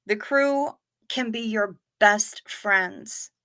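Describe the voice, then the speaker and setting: A woman's voice: mid-range voice, drawn-out words, bright, forceful tone. A woman hosting a casual livestream chat, swearing freely and talking with her viewers. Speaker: livestream host.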